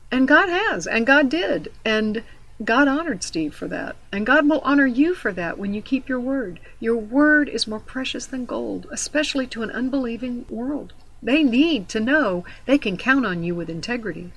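A woman's voice: a little high, animated, moderate pace, a bit bright, low-quality recording. A middle-aged woman giving a devotional teaching in an earnest, emphatic, conversational way, mixing in personal stories. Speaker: Christian devotional speaker.

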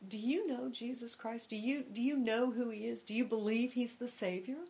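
A woman quoting a calm, grieving male passenger. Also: on the high side, normal speed, natural voice. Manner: calm, soft and steady.

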